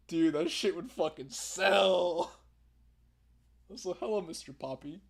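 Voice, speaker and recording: A man streaming a visual novel game, reading it aloud and commenting in loud, laughing, profane banter. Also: high voice, slow pace, vocal fry. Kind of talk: live let's-play commentary.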